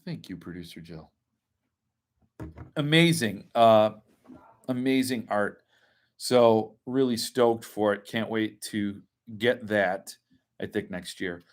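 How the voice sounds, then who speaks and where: A man's voice: on the low side, takes it slowly, pauses often. A man hosting a casual livestream, rambling as he reads and answers chat comments. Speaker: host.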